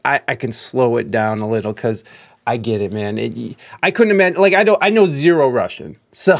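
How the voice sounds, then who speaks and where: An American man hosting a podcast, talking fast and loose with plenty of fillers and restarts. His voice sits in an ordinary middle pitch, and his tone stays friendly and chatty. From Ohio, United States. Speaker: podcast host. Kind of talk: casual interview chat.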